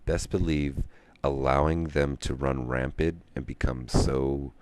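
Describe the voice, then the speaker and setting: A man streaming, talking in a rambling monologue and ranting with drawn-out pauses. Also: fairly even intonation, darkish tone, no room sound. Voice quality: very deep gravelly voice.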